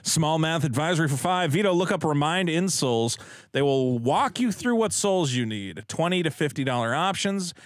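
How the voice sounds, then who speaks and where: Man, podcast co-host, lively swooping pitch, dry close sound, jokey, animated. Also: normal speed, no room sound. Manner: animated, jokey, swings between high and low pitch. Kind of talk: casual chat, reading viewer donations.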